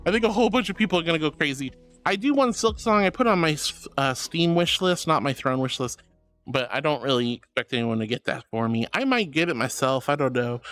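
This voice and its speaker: Lively, affectionate woman streamer. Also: lowish voice. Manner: affectionate, calls viewers honey and darling; giggly, laughs often. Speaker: VTuber streamer. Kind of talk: casual chat reading viewer comments.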